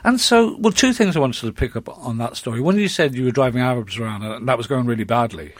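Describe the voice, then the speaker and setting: A man's voice: medium pitch, lively intonation, fast, no echo. A man hosting an interview podcast, asking short, wry follow-up questions. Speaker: podcast host. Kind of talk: conversational interview.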